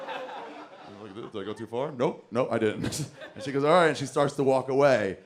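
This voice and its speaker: A man's voice: medium pitch, fast, a little hiss or hum. A man doing stand-up comedy, telling a long, profane story on a club stage and acting out the voices of the people in it. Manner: profane, animated, acts out quotes.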